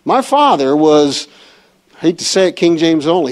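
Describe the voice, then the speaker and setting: A man's voice: on the high side, very animated, normal speed. A man teaching a church Bible study in a conversational way, asking the audience questions.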